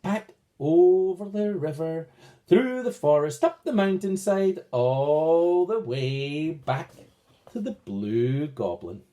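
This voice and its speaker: A man telling a picture story to children, his voice mellow and dark. He reads slowly, letting his pitch rise and fall widely to paint each scene. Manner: slow, expressive read-aloud with sweeping pitch.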